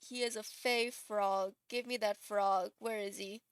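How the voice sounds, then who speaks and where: A woman's voice: medium pitch, fairly even intonation, measured pace, clean tone, no room sound, clean studio sound. A woman streaming live, chatting casually and thinking aloud while she builds a game character, gushing and laughing.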